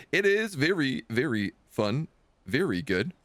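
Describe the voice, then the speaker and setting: A man talks through a video game stream, his pitch jumping up and down as he chats and reads the on-screen lines aloud. The sound is dry and close to the mic. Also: very animated, normal speed, a bit bright, no room sound. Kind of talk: casual game commentary.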